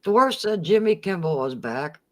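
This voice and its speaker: A woman's voice: fairly low pitch, animated, normal speed, fairly bright tone. A woman co-hosting a live stream, giggling often and reading viewer comments aloud in casual chat. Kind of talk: casual late-night chat.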